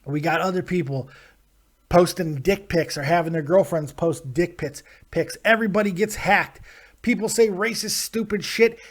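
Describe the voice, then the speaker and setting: A man hosting a casual live-stream show, ranting with profanity and sarcasm while reading viewer chat. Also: sits high. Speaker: host.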